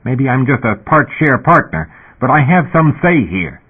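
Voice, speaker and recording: A man voicing an angry, argumentative male miner who is loud and short of breath. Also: mid-range voice, very animated, normal speed, slightly rough, voice pushed up. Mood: heated, insistent. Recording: tinny phone-like audio.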